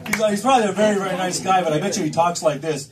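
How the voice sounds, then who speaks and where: A man's voice: high voice, quick pace, very noisy. A male stand-up comedian performing live in a cinema, rambling and self-mocking, with stammering restarts. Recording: far from the mic, loud crowd laughter.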